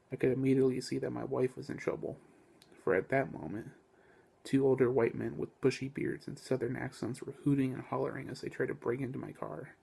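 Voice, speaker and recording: A man's voice: mid-range voice, creaky, darkish tone, breathy edge. A man steadily reading his own novel aloud in the first person. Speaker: author reading his book.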